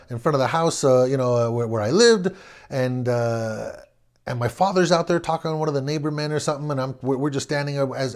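A middle-aged man from Southern California tells an old neighborhood story off the cuff. His pitch swings up and down with the telling, and he doubles back on words and chuckles between phrases. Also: a little mellow. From Southern California, USA. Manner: rambling, self-correcting, chuckles as he goes. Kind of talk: casual spoken anecdote.

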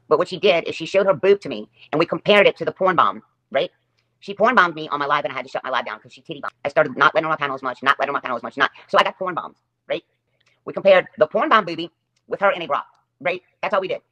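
A woman's voice: fairly low pitch, fairly bright tone. A woman hosting her own livestream, delivering a sarcastic, taunting rant and repeating her jabs over and over. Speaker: livestream host.

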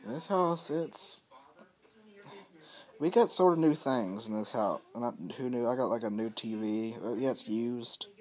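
A man's voice: medium pitch, unhurried, darkish tone. Rambling, cursing man at home. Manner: rambling, profane, repetitive. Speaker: vlogger. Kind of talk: casual storytelling to camera. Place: at home, indoors. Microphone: phone camera.

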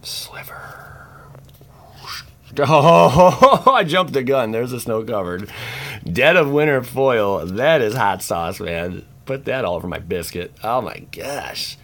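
A young man giving casual, jokey commentary as he opens card packs, breaking into sudden loud exclamations. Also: fairly low pitch, lively intonation, a little slow. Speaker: channel host opening card packs. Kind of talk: casual pack-opening commentary.

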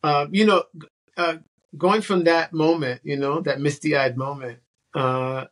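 A man's voice: a little high, fairly even intonation, unhurried, fairly bright tone. A man hosting a casual interview, asking questions in a rambling, hesitant way with many fillers. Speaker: interview host.

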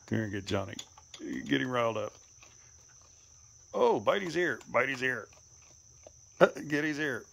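A man talking to his animals outdoors, coaxing and teasing them, sometimes cussing and calling out in a high voice. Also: normal speed, gravelly, long pauses, fairly bright tone. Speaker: animal keeper filming his pets. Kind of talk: casual running commentary to animals. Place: outdoors, rural.

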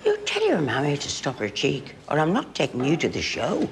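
An actress playing an older Northern Irish grandmother, teasing and sharp-tongued. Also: low-pitched, wildly swooping pitch, normal speed, a little hiss or hum, exaggerated voice. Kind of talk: film drama.

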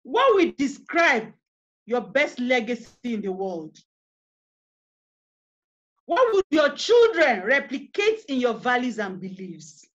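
A woman's voice: a little high, very animated, slow pace, pauses often, lo-fi sound. A woman with a Nigerian accent giving an online parenting workshop. She talks earnestly, asks listeners many questions and guides them through an imagined scene. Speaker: parenting coach. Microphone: video call.

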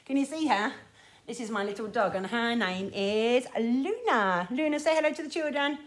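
Lively sing-song woman teaching toddlers. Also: fairly high pitch, normal speed. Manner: animated, sing-song, talks directly to little children. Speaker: children's music teacher. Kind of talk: lively children's lesson with songs. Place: outdoors in sunshine.

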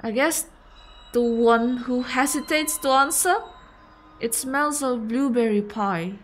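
A woman streamer talks through a horror game in emotive, reactive commentary. Her voice is high and her delivery unhurried, with a slow, drawn-out pace between reactions. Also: a little hiss or hum. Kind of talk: let's play commentary.

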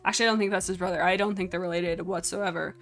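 Young female streamer, bright excitable chatter with gasps and laughs, soft game music underneath. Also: lowish voice, rapid-fire. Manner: excitable, giggly, gasping, voices the pets' thoughts. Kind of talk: casual gameplay commentary.

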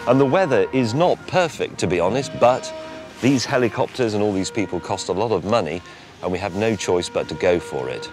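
Low-voiced presenter, enthusiastic and wry. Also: male voice. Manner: enthusiastic with dry self-mocking humour. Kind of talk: on-location presenting. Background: clear music.

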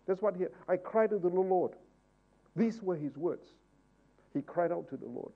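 A man preaches at a Bible study, asking rhetorical questions. His voice sits high and moves a lot, from quiet asides up to fervent calls. The recording is muffled and lo-fi. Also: lively intonation, moderate pace. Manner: swings from hushed asides to loud, fervent exhortation. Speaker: pastor leading Bible study. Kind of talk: sermon-style Bible teaching.

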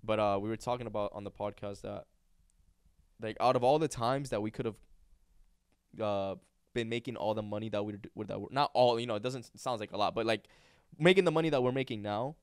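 A young podcast co-host speaks earnestly and reflectively in a casual chat, often restarting his sentences. His voice is on the low side, fairly quick and smooth, with clean studio sound and no echo.

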